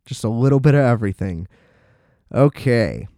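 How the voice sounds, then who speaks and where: A man's voice: mid-range voice, animated, moderate pace, mellow, no room sound, studio quality. A young man giving a casual, sarcastic movie recap, swearing and laughing often.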